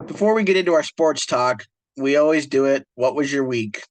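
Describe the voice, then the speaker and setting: A man's voice: medium pitch, normal speed, no echo. A man co-hosting a casual podcast, easygoing and laughing along with his co-host. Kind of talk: casual chat.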